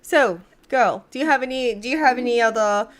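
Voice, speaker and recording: A young woman co-hosting a casual livestream podcast, playful and animated, gushing as she shows off beauty products. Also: on the high side, a little fast. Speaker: podcast co-host.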